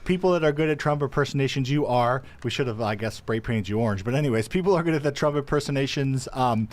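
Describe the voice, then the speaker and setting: Male host, live show, casual chat, joking, rambling, mid pitch. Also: fast talker. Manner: joking, rambling with many fillers.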